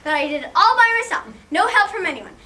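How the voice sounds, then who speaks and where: A woman's voice: extremely high pitch, sing-song, fast, pushed and bright, full character voice. A woman playing a bossy tycoon boss man. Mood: blustering. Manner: barking, boastful, mocking. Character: blustering rich male tycoon boss, bossy and vain. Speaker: stage actor. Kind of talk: amateur stage play. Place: theatre stage, heard from the audience. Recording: echoey hall from far off, faint noise.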